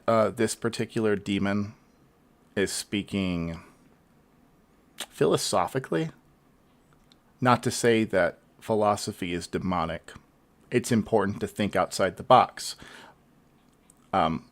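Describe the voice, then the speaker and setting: A man hosts a reaction video in a slightly low voice. He muses aloud in a thoughtful, easygoing way and pauses often with hesitant fillers as he thinks. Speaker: host. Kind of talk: reaction commentary.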